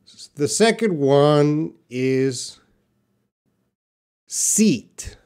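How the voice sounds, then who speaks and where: Casting note: male English teacher on a webcam stream, unhurried delivery, mid-range voice, drawn-out example words. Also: mid-range voice, expressive, a little mellow. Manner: slow, drawn-out example words, casual asides to viewers. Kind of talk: live online pronunciation lesson.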